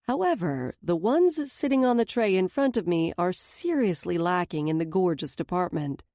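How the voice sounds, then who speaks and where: Low-voiced woman narrating romance. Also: animated, normal speed, hardly any pauses, warm tone, no room sound, studio quality. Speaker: audiobook narrator. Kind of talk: scripted first-person romance narration.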